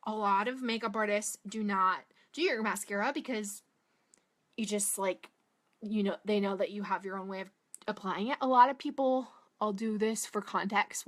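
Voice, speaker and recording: A young woman with a Boston-area accent and a bright, forward voice talks through a makeup tutorial. She is casual and chatty, full of "like" and side tangents, and her pitch sits right in the middle. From Massachusetts, USA. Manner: chatty, rambling, frequent "like" and tangents. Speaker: beauty vlogger.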